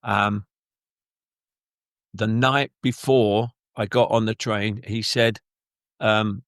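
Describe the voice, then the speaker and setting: A man's voice: fairly low pitch, takes it slowly, pauses often, no echo, clean studio sound. Older man telling football stories. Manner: rambling, animated, acts out quoted voices. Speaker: former footballer, guest. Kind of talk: anecdotal interview storytelling.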